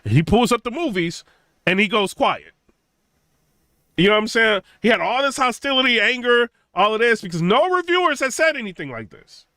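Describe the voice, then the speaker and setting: Animated young man telling a story. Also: quick pace, hardly any pauses, no echo. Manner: conversational, many fillers like "you know" and "right?"; acts out quotes of others in a raised, mocking pitch. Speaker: tech channel host.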